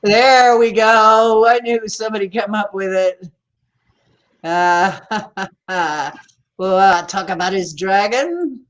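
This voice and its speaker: A woman's voice: mid-range voice, slow. A woman hosting a casual livestream chat, teasing and laughing often as she talks. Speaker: livestream host.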